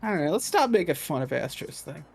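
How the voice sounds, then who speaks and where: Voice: mid-range voice, sing-song, brisk, gravelly, darkish tone, husky. A speaker in casual joking chat among friends, laughing often. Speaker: streamer in art hangout.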